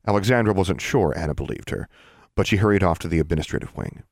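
A man narrating a children's fantasy audiobook in a steady, measured way. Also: low-pitched, no echo, studio quality. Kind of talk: scripted narration.

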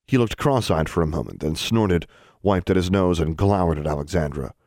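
Deep-voiced male audiobook narrator, animated pitch, dry studio sound. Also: brisk, no echo. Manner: expressive storytelling.

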